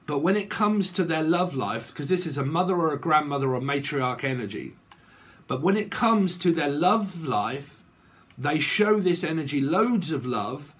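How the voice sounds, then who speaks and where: Husky man rambling through a tarot reading. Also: a little high, a bit bright. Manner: rambling, repeats "okay" and "right" often. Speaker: tarot reader. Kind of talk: casual tarot reading to camera.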